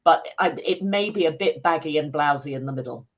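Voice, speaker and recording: A woman's voice: low-pitched, brisk. Chatty woman screen critic. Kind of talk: casual chat.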